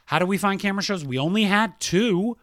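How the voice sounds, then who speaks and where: A man's voice: high-pitched, fairly quick, fairly bright tone, no echo, studio quality. A male podcast co-host in casual chat, enthusiastically reading out listener mail.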